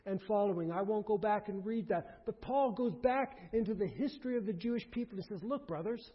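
A man preaching a sermon as a pastor, emphatic and rising to forceful peaks. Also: high-pitched, brisk, few pauses. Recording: dull lo-fi sermon recording.

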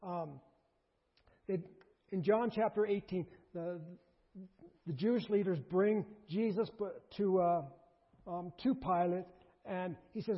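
A man preaching a sermon in an animated way, surging to emphatic bursts and dropping low, recorded in a large hall. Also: slow, long pauses. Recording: dull lo-fi recording in a reverberant hall.

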